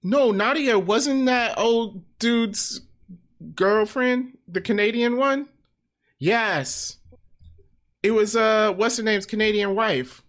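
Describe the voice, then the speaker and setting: A man's voice: high-pitched, takes it slowly, fairly bright tone. A man co-hosting a podcast, chatting casually and trailing off while he searches for a thought. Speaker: podcast co-host. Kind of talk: casual chat.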